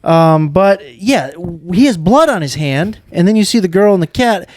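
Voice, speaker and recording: A man's voice: high voice, lively intonation, normal speed, a little mellow. A man co-hosting a podcast, reviewing a movie in casual, rambling chat and laughing often. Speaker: podcast co-host.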